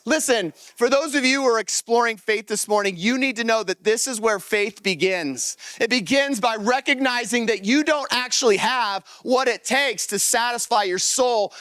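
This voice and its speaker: A pastor preaching a lively sermon to his congregation, reading scripture aloud and acting out the story. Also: very high voice, clean tone, no room sound. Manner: animated, energetic preaching to a congregation. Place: church service.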